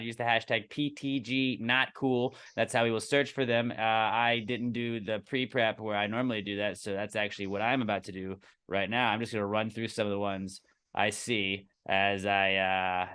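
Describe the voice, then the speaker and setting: A man's voice: on the low side, flat delivery, normal speed, a bit bright, clear, resonant tone. A man co-hosting a podcast, talking in a hyped, salesy way as he reads an ad. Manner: hyped, salesy, puts on voices for quoted people. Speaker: podcast co-host. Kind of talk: casual podcast chat and ad read.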